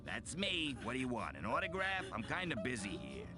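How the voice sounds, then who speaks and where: A man voicing a snarky, self-pitying theater diva, a deep-voiced female muse, speaking in a theatrical, exasperated way, in game audio with music behind. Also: huge pitch swings, a little fast. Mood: melodramatic diva.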